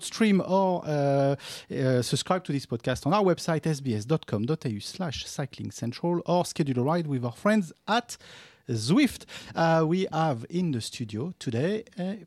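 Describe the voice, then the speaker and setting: A man hosting a cycling podcast in a studio, speaking casually with many pauses and restarts. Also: fairly high pitch, a little mellow. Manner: hesitant, many fillers and restarts, laughs often. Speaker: podcast host. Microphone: studio mic.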